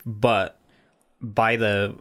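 A man's voice: on the low side, flat delivery, extremely slow, fairly bright tone. A young man co-hosting a podcast, chatting casually and rambling with lots of restarts and fillers. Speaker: podcast co-host. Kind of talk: casual chat.

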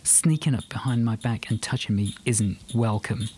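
A man's voice: fairly low pitch, moderate pace, a little mellow, a little hiss or hum, natural voice. A man voicing a blunt ex-army woman doctor. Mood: stern. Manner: blunt, firm. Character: prickly female ex-army ship's doctor, guarded.

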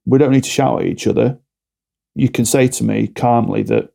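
A man's voice: mid-range voice, brisk, vocal fry, dark tone. A man talking candidly as a podcast guest, often acting out little back-and-forth dialogues to explain a point. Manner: explains with acted-out mini dialogues. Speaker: podcast guest, alcohol-free coach.

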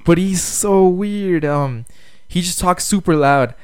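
A young man co-hosting a casual podcast, rambling along with plenty of ums and likes and frequent laughs. His voice sits a bit high for a man, and the sound is dry and close. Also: slow, darkish tone, clean tone, dry recording. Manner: rambling, laughs a lot, many fillers. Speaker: podcast co-host. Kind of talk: casual chat.

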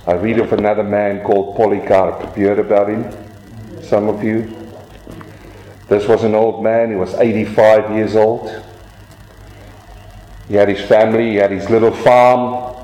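A man's voice: fairly low pitch, flat delivery, normal speed, pauses often, mellow. A man preaching a sermon, telling stories dramatically and asking the congregation rhetorical questions. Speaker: pastor. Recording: echoey church room.

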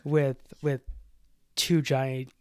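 Animated man telling stories, smooth voice. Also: medium pitch, drawn-out words, no room sound. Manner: animated storyteller, acts out quotes. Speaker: podcast co-host. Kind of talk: casual chat.

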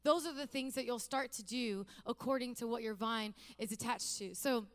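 A woman's voice: fairly high pitch, moderate pace. A woman pastor giving a conversational, humorous sermon that builds to emphatic repeated phrases.

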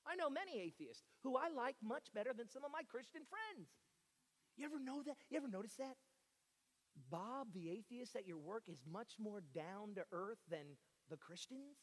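A man with a very high, light voice delivers a sermon in an animated way, swinging from loud declarations to near-hushed asides. The sound carries a long reverb, as if it were recorded in a large church hall. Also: moderate pace. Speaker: pastor.

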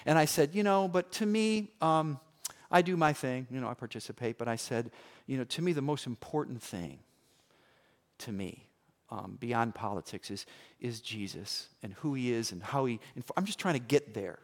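A middle-aged man preaching as a pastor, telling a story with acted-out voices and swings from hushed to loud. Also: mid-range voice, animated, moderate pace. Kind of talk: sermon with a personal story.

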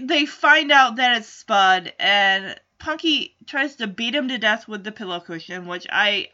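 Woman reviewer, opinionated and expressive, high, bright voice, lo-fi audio. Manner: opinionated, animated storytelling. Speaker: reviewer recapping a TV episode. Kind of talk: casual recap commentary. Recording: slightly dull lo-fi audio.

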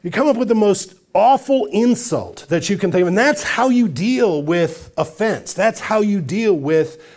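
A pastor preaches a sermon with earnest emphasis, stacking up lists and putting questions straight to his congregation. His voice is high and animated with a darkish tone, and he speaks unhurriedly.

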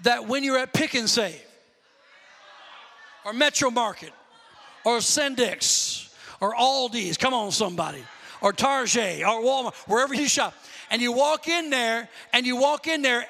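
High-voiced man preaching in a hall. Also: normal speed. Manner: impassioned preaching, rising to shouts. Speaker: pastor. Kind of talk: sermon.

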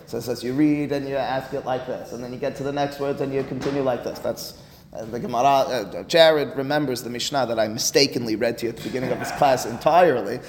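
Animated man teaching a Talmud class. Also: medium pitch, quick pace, echoey room, long reverb tail, slight background noise. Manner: animated, emphatic, mixes Hebrew and Aramaic terms.

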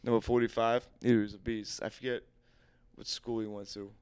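A man's voice: lowish voice, level tone, moderate pace, a little mellow, clear, resonant tone, dry recording. A young man hosting a podcast, chatting casually about basketball in a rambling, profane way. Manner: rambling, profane, laughs often. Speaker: podcast host. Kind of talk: casual sports chat.

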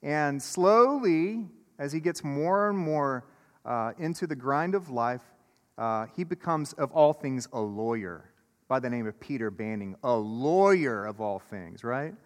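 A man's voice: on the high side, animated, a little slow. A man preaching a sermon to a congregation in a church sanctuary, earnest and building through repeated phrases, then loosening into casual, chatty asides. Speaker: pastor. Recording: echoey church hall.

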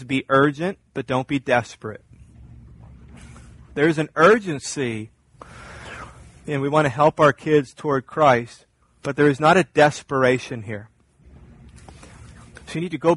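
A man's voice: medium pitch, fairly bright tone, dry recording, low-quality recording. A middle-aged man teaching a parenting class in a conversational way, often repeating words and acting out talks with his sons. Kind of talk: informal teaching talk.

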